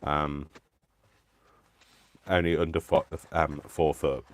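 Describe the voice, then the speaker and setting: A man with a deep, low voice hosts a live crafting stream at a slow, easy pace. He chats playfully and giggles often while he works on his projects. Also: flat delivery. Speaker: craft channel host.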